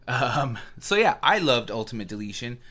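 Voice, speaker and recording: A man co-hosting a podcast in casual chat, excitable and swearing freely, with mock rants. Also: medium pitch, normal speed. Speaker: podcast co-host.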